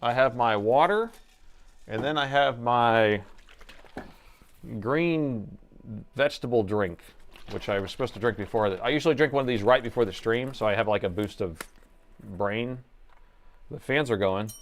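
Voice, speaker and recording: A man's voice: mid-range voice, normal speed, long pauses, slight background noise. A man chatting casually on a live repair stream, rambling, laughing and reading viewer comments aloud.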